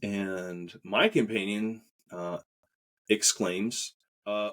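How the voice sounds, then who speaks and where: A man's voice: lowish voice, normal speed. A man hosting a podcast, telling a personal story in a casual, rambling way with many fillers and acted-out quotes. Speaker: podcast host.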